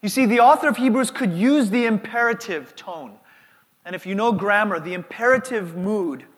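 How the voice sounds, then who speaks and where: High-voiced middle-aged man preaching in a hall. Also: moderate pace, fairly bright tone. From New York, United States. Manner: earnest, repeats words while building up. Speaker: pastor. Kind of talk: sermon.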